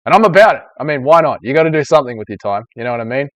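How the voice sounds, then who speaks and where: A man's voice: mid-range voice, animated, racing, fairly bright tone, no room sound. Swearing streamer man. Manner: chatty, swears freely, loose and rambling. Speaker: streamer host. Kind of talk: casual live-stream Q&A chat.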